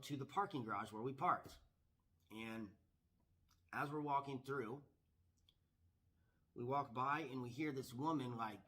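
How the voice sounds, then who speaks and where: A man's voice: medium pitch, sharp tone. A man, a professional gambler, telling a story to camera in an eager, boastful, repetitive way.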